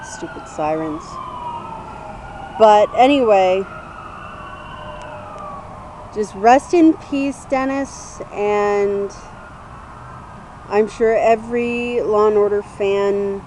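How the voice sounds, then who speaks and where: A young woman in her twenties talks slowly and loosely to her camera, her voice soft and mellow. She wanders through a story with plenty of fillers, earnest and unpolished, over a faint hum of background noise. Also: medium pitch, low-quality recording. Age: 20s. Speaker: vlogger. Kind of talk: casual tribute vlog.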